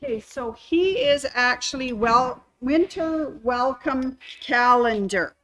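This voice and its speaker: A woman hosting a sewing shop livestream, chatting casually and giving shout-outs to viewers. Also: high voice, expressive, slow pace. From Canada.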